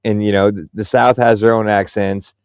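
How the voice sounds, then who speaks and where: Rambling Midwestern man with a gravelly voice. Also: on the low side, little pitch movement, moderate pace, no echo, clean studio sound. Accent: Midwestern American. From Central Ohio. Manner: rambling, many fillers and restarts. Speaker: podcast host. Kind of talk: casual chat.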